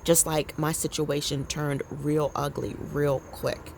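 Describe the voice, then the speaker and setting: A woman's voice: sits low, little pitch movement, takes it slowly, creaky, a little mellow, a little hiss or hum. A woman in her fifties chatting candidly and rambling to her viewers on an outdoor deck. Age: 50s. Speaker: vlogger. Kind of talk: casual personal chat to viewers.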